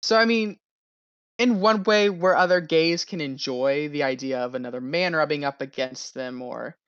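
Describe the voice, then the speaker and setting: A man's voice: on the high side, normal speed, fairly bright tone, clean tone, no room sound. A young man talking candidly as a podcast guest, rambling and laughing often. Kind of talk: casual podcast chat. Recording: dull lo-fi recording.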